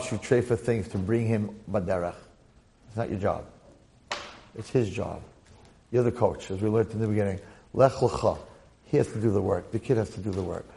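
Gravelly man giving an animated Torah class. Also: fairly low pitch, normal speed, long pauses. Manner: animated storytelling with repeated phrases and acted quotes. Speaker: rabbi teaching the weekly Torah portion.

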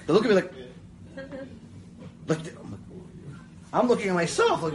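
A man's voice: high voice, moderate pace, long pauses, slight background noise, low-quality recording. A man teaching a Mussar lecture, telling stories, acting out the voices in them and wandering into chatty asides. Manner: animated, acts out the voices in his stories. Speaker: Torah teacher.

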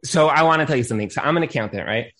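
A man's voice: medium pitch, racing. A man, a rabbi and accountant, giving relationship advice in casual conversation, telling stories and acting out quoted lines. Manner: animated storyteller, acts out quoted lines; Hebrew blessings dropped into talk.

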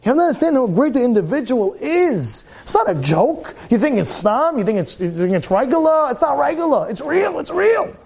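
A man's voice: high-pitched, a little mellow. A man teaching a weekly Torah-portion class. He talks emphatically, repeats his phrases and keeps firing questions at his listeners.

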